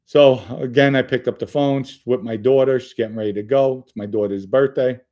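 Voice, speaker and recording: A middle-aged man talks alone to his viewers in a loose, rambling way, his voice sitting at an ordinary male pitch. He jumps from story to story with animated energy and swears casually as he goes. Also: fairly quick. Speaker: channel host. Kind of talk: casual solo livestream monologue.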